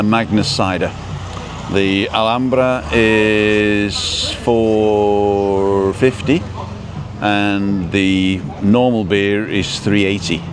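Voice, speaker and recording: A man hosting a casual live stream outdoors, rambling as he reads out viewer comments and adjusts his stream settings. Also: fairly low pitch. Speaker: livestream host. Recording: noisy outdoor street background.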